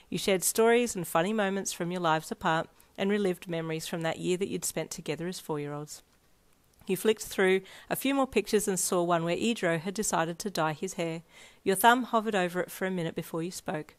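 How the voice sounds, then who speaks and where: Brief: woman storyteller, gentle and expressive, slightly low voice. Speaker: fan fiction reader. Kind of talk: storybook narration.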